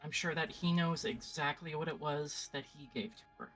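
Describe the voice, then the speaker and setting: A woman's voice: sits low, normal speed, a bit bright, soft background music. A woman voicing an earnest young woman reasoning her case.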